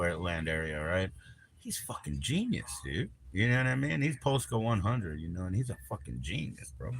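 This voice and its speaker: A man's voice: on the low side, a bit bright, a little hiss or hum. A man hosting a live stream, chatting in a crude, rambling, teasing way and swearing constantly. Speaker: livestream host.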